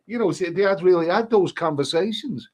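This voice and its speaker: Rambling man with a slightly high voice. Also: a little mellow. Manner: rambling, halting, with many restarts and repeated words. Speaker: livestream host reading viewer comments. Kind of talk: casual rambling chat.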